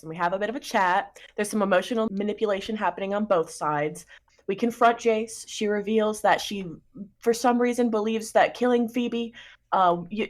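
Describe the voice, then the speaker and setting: A woman recaps a tabletop game session, chatty and quick, with frequent giggles. Her voice sits at an ordinary middle pitch. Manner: fast, chatty, giggly storytelling.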